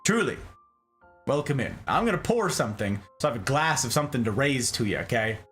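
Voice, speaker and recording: A man's voice: mid-range voice, big pitch swings, fairly quick, fairly bright tone, faint music behind. A man hosting a live stream in casual chat, playfully greeting viewers and reading chat aloud. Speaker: streamer host.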